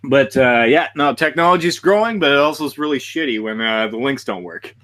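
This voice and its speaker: A man's voice: medium pitch, expressive, brisk, a bit bright, no echo. A man hosting a podcast in casual chat, rambling and laughing often. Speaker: podcast host.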